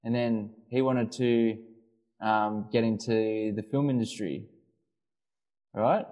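A man's voice: fairly low pitch, steady tone, slow pace, dull audio. A man co-hosting a casual podcast, telling a long story with many restarts and fillers. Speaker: podcast co-host. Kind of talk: casual chat.

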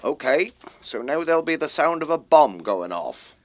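A man's voice: fairly high pitch, very animated, moderate pace, no room sound. A man playing a blunt, eager writer in an amateur drama group in a radio comedy. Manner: blunt, matter-of-fact.

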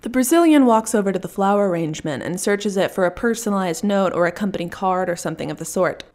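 A woman's voice: medium pitch, lively intonation, quick pace, a little mellow. A woman narrating a first-person story in a wry, dry storytelling manner.

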